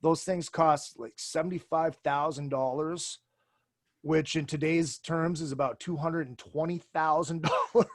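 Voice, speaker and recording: A man from Minnesota, a podcast guest talking in casual, animated chat and swearing in passing. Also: on the high side, a little slow, dry recording, studio quality.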